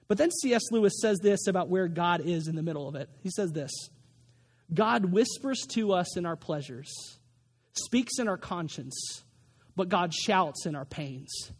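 High-voiced pastor preaching casually. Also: male voice, darkish tone. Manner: conversational, many fillers and restarts. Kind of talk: sermon.

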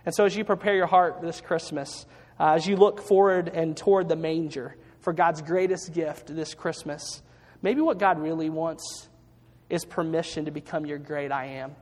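A man preaching a sermon as pastor, earnest, often restarting and slowing down for emphasis. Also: fairly high pitch, steady tone, darkish tone, long reverb tail.

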